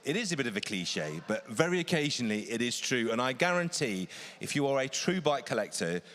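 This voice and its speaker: A man's voice: medium pitch, very animated, fairly quick, fairly bright tone. A man presenting lots on an auction live stream, upbeat and persuasive in a salesy way.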